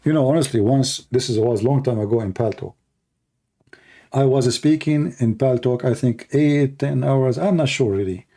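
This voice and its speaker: At a normal speed, a man with a warm, mid-range voice hosts a livestream and talks without a script. He rambles in a combative, mocking way, his voice tired after hours of speaking.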